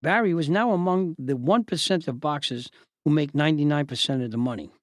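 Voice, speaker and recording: An older man hosting and narrating a memoir story in a measured, deliberate, lawyerly way. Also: fairly high pitch, no room sound. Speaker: host and narrator.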